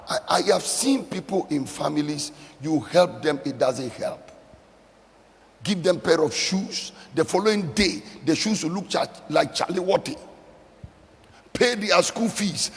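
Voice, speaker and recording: A man's voice: high voice, expressive, normal speed, long reverb tail. A middle-aged male pastor delivering a sermon, mixing emphatic repeated phrases with conversational storytelling.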